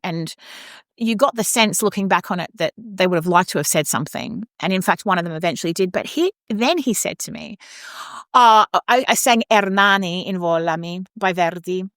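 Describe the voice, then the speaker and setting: A woman's voice: medium pitch, fairly quick, no room sound, clean studio sound. An Australian opera singer co-hosting a podcast and telling candid stories in a casual chat, often restarting her sentences. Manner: candid, lively storyteller with frequent restarts.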